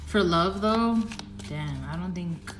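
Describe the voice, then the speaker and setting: A woman giving a casual tarot reading to camera, who swings from low murmuring to squealing excitement and swearing. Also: slow. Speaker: tarot reader. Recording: roomy echo, faint background noise.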